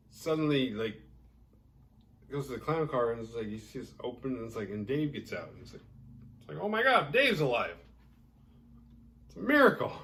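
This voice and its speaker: Recapping a horror film's plot, a horror movie podcast host with a fairly low voice sounds slightly far from the mic. His casual, rambling recap is packed with "like," plus jokes and swearing.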